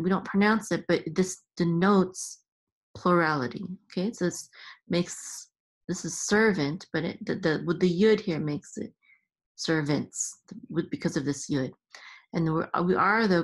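A woman teaching Hebrew reading step by step, patiently repeating each sound and sometimes sliding into a soft near-whisper. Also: lowish voice. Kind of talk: slow step-by-step lesson.

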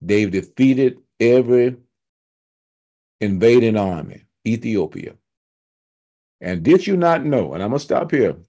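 A man teaching a church Bible study, retelling scripture in loose everyday speech with humorous asides and emphatic, slowed-down stresses. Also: medium pitch, a little mellow. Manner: fired up and emphatic, slowing to stress key words.

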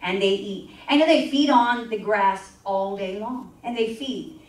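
An unhurried woman pastor with a mid-range voice preaches in a church, repeating verses of scripture and prompting the congregation to call back. The audio comes from far away in an echoey sanctuary.

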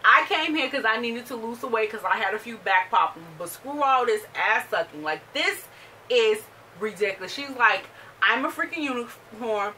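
A woman casually recapping a TV episode, acting out the characters' lines in quick voices and swearing freely. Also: fairly high pitch, animated, bright, forceful tone, recorded from a distance, a little hiss or hum. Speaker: show reviewer.

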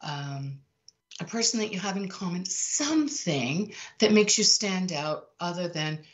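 A woman's voice: fairly low pitch, measured pace. A woman giving sales tips as a coach, talking emphatically and repeating her points. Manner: emphatic, repetitive, animated delivery. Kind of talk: energetic sales tips talk. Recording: dull lo-fi sound.

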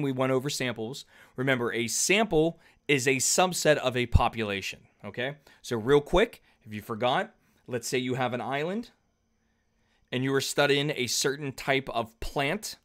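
This man's math lesson at the whiteboard is patient and conversational, with frequent check-ins with the class. He speaks in a medium pitch with a slightly bright tone.

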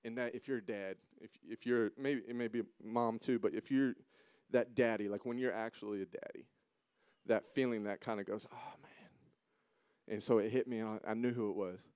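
A man in his thirties giving a sermon as a guest speaker, telling a personal story with emotion, dropping to a hush and then rising to loud, pleading questions. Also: lowish voice, steady tone, moderate pace, clear, resonant tone, no room sound, studio quality. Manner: emotional, swings from hushed to loud. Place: church auditorium.

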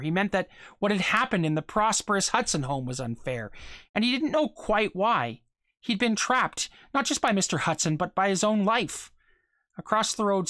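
A reader telling a short story aloud in a steady voice, with small stumbles and repeated words. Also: medium pitch, dry recording, clean studio sound.

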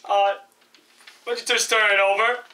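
High bright-voiced guy, flustered rambling comedy host, echoey room, mic kinda far. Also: little pitch movement, moderate pace. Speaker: host of a comedy web series. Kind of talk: comedy sketch acting.

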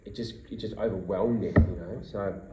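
An Australian man in casual chat as a guest actor at a convention panel, telling animated anecdotes and acting out quotes. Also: a little fast, over music. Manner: animated storyteller, acts out quotes in a high voice. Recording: roomy hall, dull lo-fi sound, noisy.

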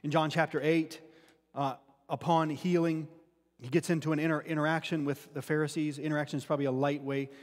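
A man's voice: on the high side, flat delivery, brisk. A man preaching a sermon, earnest and often restarting words as he teaches from scripture. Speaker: pastor. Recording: long hall reverb.

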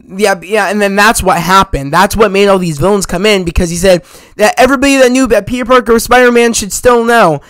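A man with a dry, close sound talks through a spoiler review in a loose, rambling way, packing his sentences with "you know" and "like." He gets excited as he retells the scenes, and his voice sits high for a man. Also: fairly quick, clean tone, dry recording. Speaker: movie review channel host.

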